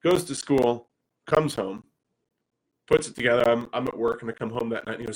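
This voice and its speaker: A man, telling personal stories as a father in an animated way, with frequent restarts. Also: medium pitch, a little fast, low-quality recording. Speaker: speaker and father. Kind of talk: personal storytelling talk.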